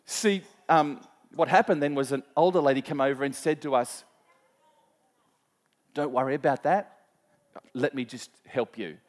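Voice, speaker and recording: A man's voice: medium pitch, moderate pace, long pauses. A man preaching a sermon, telling a story in a conversational way with many restarts and questions to the congregation. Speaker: pastor. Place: church hall. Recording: long reverb of a church hall.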